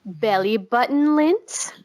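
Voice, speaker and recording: A young woman co-hosting a podcast in casual chat, swearing freely, laughing often and rambling quickly. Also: fairly high pitch, lively intonation, darkish tone. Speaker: podcast co-host.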